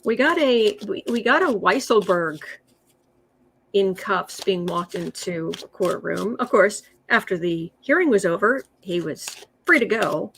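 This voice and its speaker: A woman's voice: medium pitch, lively intonation, measured pace, a bit bright, slight background noise. A woman hosting a casual livestream, reading tarot cards aloud with sarcastic, chatty asides. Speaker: tarot reader and livestream host.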